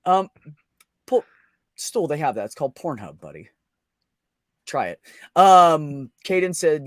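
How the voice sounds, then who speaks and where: A man's voice: a little high, big pitch swings, a little slow, long pauses, dry recording, studio quality. Crude, joking young man on a livestream. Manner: crude, joking, laughs often. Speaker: livestream host. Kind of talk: casual live chat.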